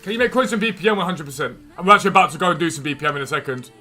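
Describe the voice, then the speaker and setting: Fast-talking high-voiced male streamer. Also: lively intonation, pushed and bright, faint music behind. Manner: quick, chatty, answers chat questions. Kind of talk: live stream chat reading.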